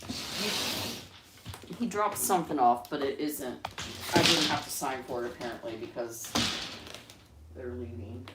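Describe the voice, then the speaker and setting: A woman's voice: measured pace, pauses often. A woman hosting a casual livestream with her pet birds at home. She chats with viewers by name. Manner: chatty, answers viewers by name; coos at her birds in a high coaxing voice. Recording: echoey room, far from mic, noisy.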